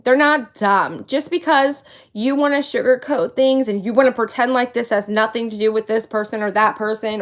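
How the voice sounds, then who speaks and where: Venting on her casual livestream, the host, a woman in her late thirties, sounds indignant and emphatic, going over her points again for emphasis. Her pitch is fairly high.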